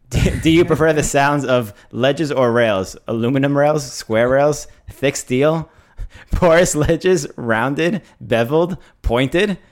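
A man hosting a casual interview podcast, asking questions in an easygoing, chatty way. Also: medium pitch. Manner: easygoing, laughs often. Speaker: podcast host.

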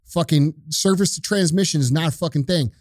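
A man's voice: fairly high pitch, a little fast, no room sound, clean studio sound. A man co-hosting a podcast, ranting with profanity in casual talk. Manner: profane, forceful, preachy. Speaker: podcast co-host.

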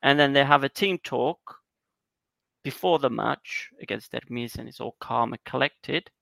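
A man co-hosting a podcast, retelling things in a rambling, animated way with lots of fillers. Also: medium pitch, a little slow, vocal fry, no room sound. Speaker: podcast co-host. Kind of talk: casual chat.

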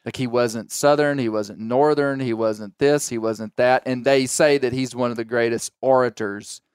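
A man with an Ozark Arkansas accent hosts a casual podcast chat, spinning long, animated tangents. His voice is smooth and resonant, close and dry with no room sound. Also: medium pitch, normal speed, no room sound. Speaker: podcast host.

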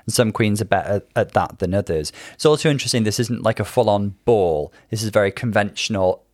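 A man with a low voice co-hosts a casual recap show and walks through the details at length. He sounds easygoing and laughs readily. The recording is dry and close, with no room sound. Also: fairly quick, a little mellow, dry recording. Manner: knowledgeable, explains at length, easy laugh. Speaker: podcast co-host.

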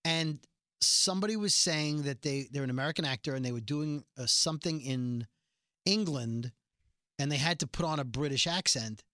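A man from New York City with a New York accent, co-hosting a casual chat show and acting out people in quick asides. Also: a little high, sharp tone, no echo, studio quality. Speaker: podcast co-host.

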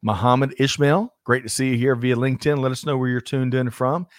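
In upbeat live-show banter, a man co-hosting a business stream calls out viewers by name and cracks jokes energetically. His medium-pitched voice moves a little fast, recorded at studio quality without echo.

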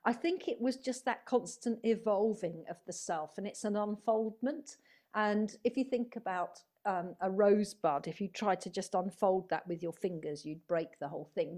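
Woman, middle-aged, warm low-key timbre, reflective, rambling, interview guest. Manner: reflective, rambling, acts out quoted voices. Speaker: guest, psychotherapist and spiritual healer. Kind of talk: conversational storytelling interview.

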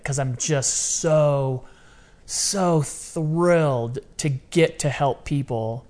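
A middle-aged man talking as a podcast guest in casual interview chat, animated and repeating phrases for emphasis. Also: mid-range voice. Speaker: podcast guest, ministry founder.

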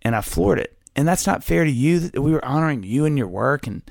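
A man in casual conversation, telling lively stories and acting out the voices of the people in them. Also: a little high, fairly quick, vocal fry, dry recording, studio quality. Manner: animated storyteller, acts out quoted voices.

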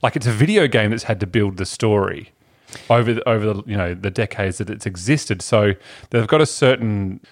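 A man's voice: lowish voice, a little fast. A man chatting casually about a film, enthusiastic and laughing as he retells scenes.

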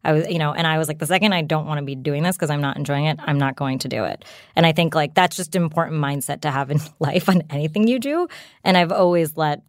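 A woman's voice: low-pitched, no echo, studio quality. A woman in her thirties, a startup founder speaking as a guest in a casual interview, chatty and full of fillers like "like" and "you know". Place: studio.

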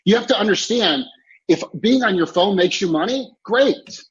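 Man, motivational coach, emphatic, repeats himself, slightly high voice, dull lo-fi audio. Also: expressive, normal speed. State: clearing throat, choked up. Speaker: interview guest, time coach and author. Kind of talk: motivational interview talk.

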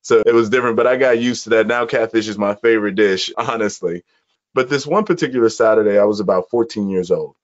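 A man from Chicago, a guest telling his life story in an earnest, reflective conversation with measured pauses. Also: on the low side. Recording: muffled, dull audio.

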